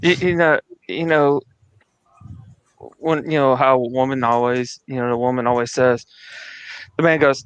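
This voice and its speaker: Male panel guest, halting bawdy joke-teller, mid-pitched, dry close sound. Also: steady tone, clear, resonant tone, no room sound, rough recording. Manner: halting, repeats words while telling dirty jokes. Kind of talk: casual joke-telling.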